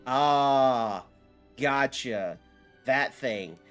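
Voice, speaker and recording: A man's voice: medium pitch, very slow, fairly bright tone, soft background music. A man streaming a video game, chatting loosely with his viewers and swearing freely as he plays. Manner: loose and rambling, swears freely, talks back to chat. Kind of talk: casual live-stream chat while gaming.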